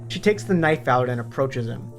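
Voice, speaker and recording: Brief: male book reviewer, matter-of-fact plot retelling, soft background music. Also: mid-range voice, animated, normal speed. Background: faint background music.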